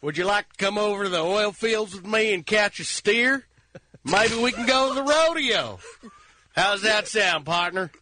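Give us a friendly Texan cowboy who says "partner" a lot, high-pitched, nasal and bright, the way a stuffed-up man on a radio bit puts him on. The voice swings up and down as it drawls. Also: expressive, moderate pace. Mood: folksy. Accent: put-on Texas. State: congested, nasal.

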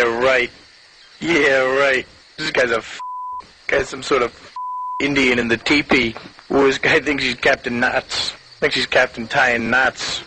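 An actor playing a petty, foul-mouthed New York man with a heavy accent, rambling through an animated comedy bit. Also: mid-range voice, a little hiss or hum, poor audio. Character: crude ranting New York guy, petty and scornful.

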